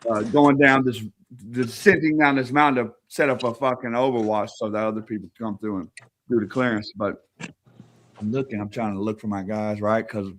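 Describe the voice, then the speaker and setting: A man's voice: on the low side, steady tone, normal speed, a bit bright. A man telling rambling war stories on a podcast, swearing constantly and laughing as he talks. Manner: profane, rambling, laughs often. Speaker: podcast guest. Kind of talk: casual storytelling.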